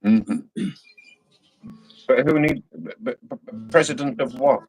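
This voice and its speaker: A man's voice: mid-range voice, takes it slowly, darkish tone, husky, soft background music, poor audio. A Scottish man in casual chat, talking emphatically and repeating his points in a lecturing way. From Scotland. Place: home.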